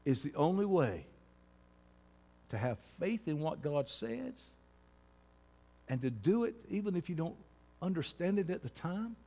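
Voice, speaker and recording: A man preaching a sermon as pastor, moving from quiet talk to shouting. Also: on the high side, big pitch swings, measured pace, vocal fry, pauses often, big-room sound.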